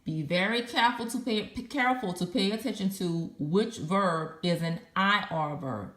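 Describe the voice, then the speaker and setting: A woman's voice: medium pitch, normal speed, a bit bright, echoey room. A woman teaching a recorded Spanish lesson, patiently spelling out verb endings letter by letter.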